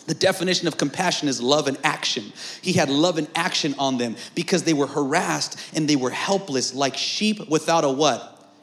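A male pastor preaching a call-and-response sermon at an outdoor patio service, swinging between shouts and hushed lines. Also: fairly high pitch, normal speed.

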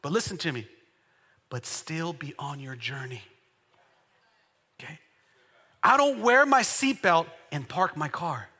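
A man pastor preaching a sermon, with call-and-response shouts that build to loud exclamations. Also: on the high side, lively intonation, unhurried, pauses often, slightly rough. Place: church sanctuary. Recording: long church-hall reverb.

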